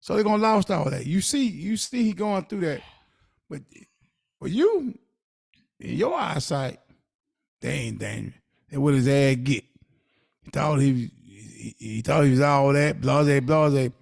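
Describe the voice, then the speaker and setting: A middle-aged podcast co-host with a slightly high, gravelly voice speaks a bit slowly and pauses often. He gives casual conversational advice, emphatically and animatedly telling stories from his own life in dialect. The recording is dry, clean studio sound.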